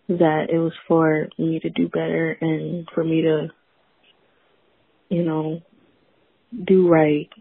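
A woman leaving an anonymous voicemail, telling a story in a halting, bitter way with many fillers over a tinny phone line. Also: deep voice, breathy edge, no room sound. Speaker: voicemail caller. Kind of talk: recorded phone confession.

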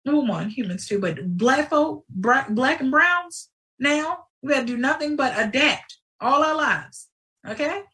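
A woman hosting a live show in casual livestream talk, animated and digressive, with sudden outbursts. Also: high-pitched, a little slow, recorded from a distance, rough recording.

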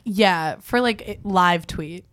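A woman comedian chats playfully, often laughing and mocking herself. Her voice sits very low for a woman. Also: takes it slowly, a bit bright. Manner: giggly, playful, self-mocking. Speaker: comedian guest. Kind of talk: casual comedic chat.

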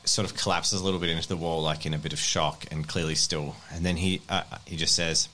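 A man's voice: extremely low pitch, level tone, fast talker, hardly any pauses, bright, forceful tone. A man playing his character in a tabletop role-playing game, chatting casually between in-character lines. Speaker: player.

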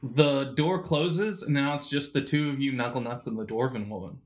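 A medium-pitched man runs a tabletop game, narrating as game master while stumbling through fillers and restarting often.

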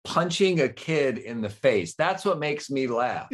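A man guest telling a long joke in a casual, animated way, laughing often. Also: mid-range voice, takes it slowly.

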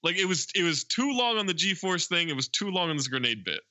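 A man co-hosting a podcast talks through a film's plot in a loose, rambling way, full of fillers and restarts. His voice is very bright and forward. The sound is dry and close, with no room in it. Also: sits high, very animated, fairly quick, dry recording, muffled recording. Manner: rambling scene-by-scene retelling with many fillers. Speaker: podcast co-host. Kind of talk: casual movie recap chat.

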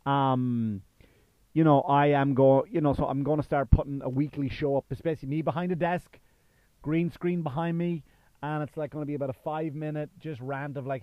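This man, an Irish stand-up in his thirties whose accent has faded from years in America, talks through a casual solo podcast monologue full of fillers and restarts. His voice is a little high and steady in tone, moving fairly quickly, with no echo but a lo-fi sound.

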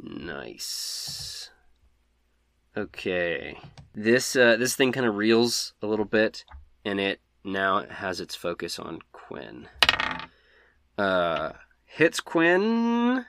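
A man narrating a tabletop game as game master, relaxed and laughing at his bad dice rolls. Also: low-pitched, slow, vocal fry, no echo, clean studio sound.

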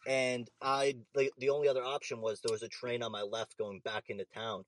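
A young man telling an animated, profane story in casual chat. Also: mid-range voice, a little fast, noisy background.

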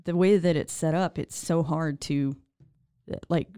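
A woman co-hosting a podcast, recapping a horror film in animated, casual chat and quoting the characters. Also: low-pitched, clear, resonant tone, no room sound, clean studio sound. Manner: animated, swearing, quick to quote characters. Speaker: podcast co-host.

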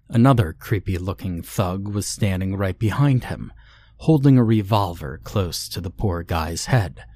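A man narrating a scripted horror story in a measured, grim way. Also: lowish voice, a little mellow.

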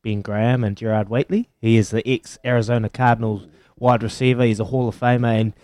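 A man co-hosting sports radio, relaxed and joking. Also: mid-range voice, fast, dry recording, studio quality. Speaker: radio co-host. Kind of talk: casual radio chat.

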